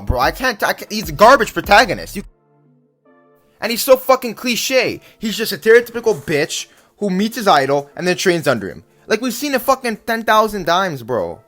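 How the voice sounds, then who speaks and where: A man's voice: fairly high pitch, a bit bright. A man giving a heated, profane rant about an anime, often stammering as he talks. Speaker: anime commentator. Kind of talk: profane ranting commentary.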